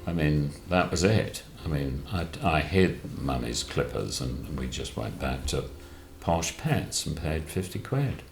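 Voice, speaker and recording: A man's voice: extremely low pitch, animated, a little slow, vocal fry, hardly any pauses. An older man telling a story in casual chat, acting out the other people in it. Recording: roomy echo with faint music.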